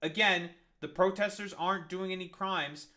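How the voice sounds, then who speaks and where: A man's voice: high-pitched, fairly even intonation, normal speed, pushed and bright. A man ranting over news clips, angry, profane and sarcastic. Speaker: streamer reacting to news clips.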